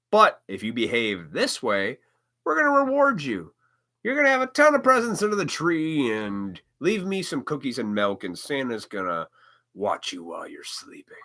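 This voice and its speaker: A man's voice: mid-range voice, sharp tone. A man hosting a live stream, talking bluntly and with plenty of profanity in a ranting monologue.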